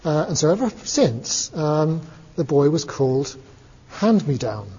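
A man telling a Buddhist story to his listeners in a relaxed way, chuckling and using many fillers. His voice is a little high. It is recorded dull and lo-fi, with a long reverb and faint ambience. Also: measured pace, husky. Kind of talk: storytelling talk.

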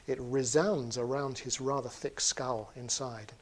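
A man who is a Buddhist teacher, telling a story in a dharma talk in a relaxed way with many pauses and fillers. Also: mid-range voice.

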